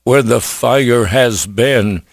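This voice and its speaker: A preacher voicing a calm wagon master. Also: male voice, medium pitch, very slow, vocal fry, no echo, clean studio sound, exaggerated voice. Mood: calm commanding.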